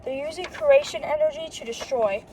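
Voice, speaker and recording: High-voiced woman reading a comic aloud haltingly. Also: a little mellow, slight background noise, low-quality recording. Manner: reads haltingly, repeating "and then she says" and correcting slips; adds brief unsure asides to the reading. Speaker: comic book reader.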